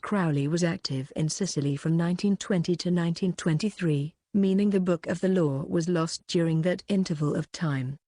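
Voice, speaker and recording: A woman's voice: on the low side, moderate pace, few pauses, mellow, no echo, close to an everyday voice. A woman voicing a young woman archbishop who talks in stilted archaic phrases, haughty yet easily flustered, in an audiobook reading. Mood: prim.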